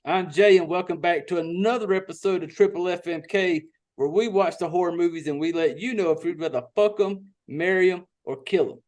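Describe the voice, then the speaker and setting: Podcast host, man, high voice, cussing and rambling loosely. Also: fairly quick, few pauses, darkish tone. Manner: laid-back, profane, rambling with restarts. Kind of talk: casual podcast chat.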